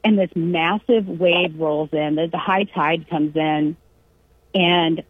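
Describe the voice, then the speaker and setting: A woman's voice: on the low side, slow, slightly rough, dry recording. A middle-aged woman from California telling a long family story in casual chat, acting out the voices of the people in it and laughing along. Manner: lively storyteller who acts out quoted voices and laughs. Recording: dry, narrow phone-like radio sound.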